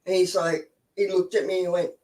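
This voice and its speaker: Hosting a casual live stream, a woman in her forties from Australia tells stories in a chatty way, with frequent swearing and laughter. Her voice is on the low side, mellow and a bit fast, with a flat delivery. She's far from the mic, and the recording is low quality.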